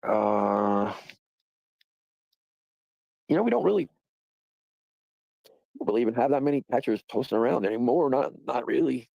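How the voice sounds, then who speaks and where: A man's voice: medium pitch, expressive, moderate pace, gravelly, long pauses, warm tone, no room sound, highs cut off. A man hosting a livestream, talking in a rambling, profane, casual way and laughing often. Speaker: livestream host.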